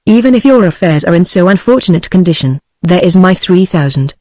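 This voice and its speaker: A synthetic woman's voice with a British accent, reading the lines of a prim, gentle elderly aunt in a text-to-speech audiobook. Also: on the low side, animated, fairly quick, no echo, studio quality, lightly acted. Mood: mild. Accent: British English.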